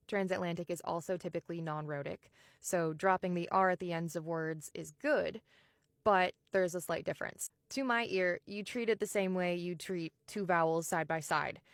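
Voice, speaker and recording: A woman's voice: lowish voice, steady tone, no echo. American woman explaining accents, close and dry. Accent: General American. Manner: explanatory, slows to sound out vowels. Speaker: audiobook narrator. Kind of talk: casual accent tutorial.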